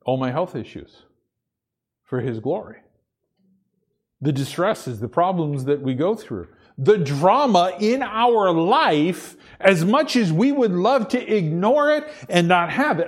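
A man preaching a sermon in a conversational way, stumbling over repeated words as he builds his points. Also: high-pitched. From Pacific Northwest. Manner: conversational, repeats words when starting sentences, laughs between points. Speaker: pastor.

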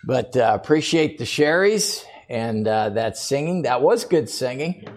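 A man's voice: medium pitch, animated, a little slow. Older man preaching with folksy humor. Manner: humorous, chatty, laughs at his own jokes. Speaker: guest preacher. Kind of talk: folksy sermon opening with jokes. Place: church sanctuary.

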